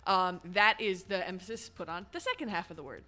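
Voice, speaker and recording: A woman's voice: lowish voice, animated, a little fast, pushed and bright. A woman streaming a game, chatting casually and rambling through explanations with lots of fillers.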